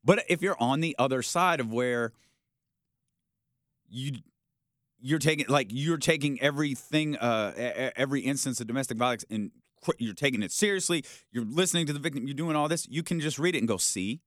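A man hosting a sports talk show, arguing his point in a casual, animated way and acting out how people might react. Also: medium pitch, fairly quick, no room sound, clean studio sound. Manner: animated, argumentative, acts out quoted reactions.

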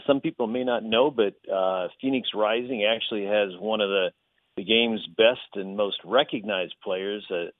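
Male phone guest, low voice, thin phone sound, calm explainer. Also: no echo. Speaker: guest team owner. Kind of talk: phone interview. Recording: tinny phone line.

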